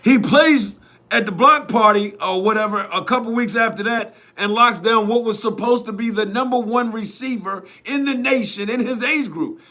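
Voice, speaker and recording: A man's voice: high-pitched, moderate pace, sharp tone. A man who hosts youth football media, giving a blunt, profane, repetitive opinion monologue straight to his viewers.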